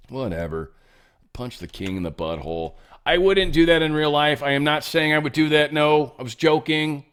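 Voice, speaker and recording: A man hosting a show, reading news headlines and adding sarcastic, mocking commentary in a loose, casual way. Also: medium pitch. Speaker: show host.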